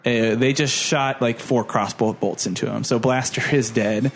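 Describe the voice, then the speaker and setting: Young male podcaster, chatty and animated, mid-range voice, rambles through a movie recap. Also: medium pitch, moderate pace, a little hiss or hum. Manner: animated retelling with lots of "like", puts on silly voices for characters. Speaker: podcast co-host. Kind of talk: casual movie plot recap.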